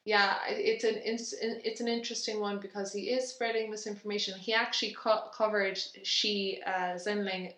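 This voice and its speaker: A woman's voice: medium pitch, little pitch movement, moderate pace, few pauses, a bit bright. A woman co-hosting a podcast, chatting casually with lots of fillers and restarts. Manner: rambling, filler-heavy, restarts. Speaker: podcast co-host. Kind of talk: casual chat. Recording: echoey room.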